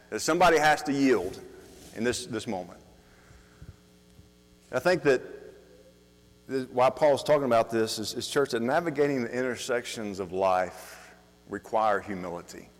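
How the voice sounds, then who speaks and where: A male pastor preaches to his congregation, moving from quiet, reflective passages into emphatic, rising stretches. He puts questions to the room and often restarts his words. His mid-pitched voice rings out with the long reverb of a church hall. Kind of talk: sermon.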